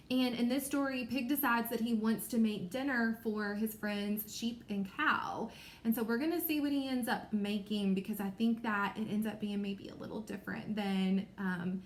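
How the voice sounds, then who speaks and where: A first grade teacher with a Kentucky accent gives a reading lesson to young children, sounding out letters slowly and clearly. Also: female voice, medium pitch, roomy sound, slight background noise.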